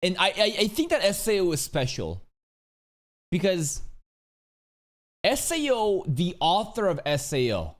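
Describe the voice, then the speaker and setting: A man streaming a casual reaction to a video, crude and excitable, stammering and laughing as he talks. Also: high-pitched, measured pace, long pauses.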